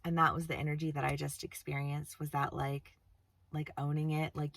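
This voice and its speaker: Woman, tarot reader, casual chatty reading, blunt, swears a lot, laughs often, lower pitch, dry sound. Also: steady tone, fairly quick, vocal fry, dry recording. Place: outdoors-ish on a windy day.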